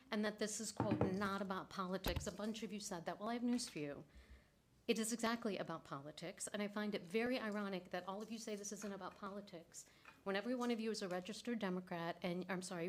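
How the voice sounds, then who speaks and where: A woman of ordinary pitch speaks during public comment at a council meeting. She is angry and forceful, aiming pointed remarks straight at the members.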